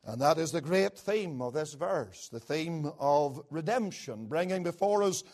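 A man preaching a sermon, rising to emphatic peaks and dropping to low, hushed lines, slow and deliberate on key words. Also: lively intonation.

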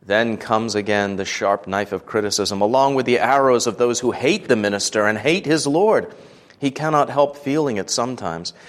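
Earnest man reading a devotional. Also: medium pitch. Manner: measured and earnest, lifting the voice for quoted speech. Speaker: devotional reader.

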